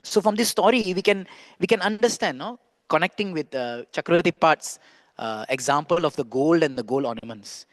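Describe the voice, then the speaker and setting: A man giving a scripture class as a monk, telling a story in an animated way and slowing down for emphasis. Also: on the high side, dry recording. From India. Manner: animated storyteller, acts out quoted dialogue, slows for emphasis. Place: temple hall.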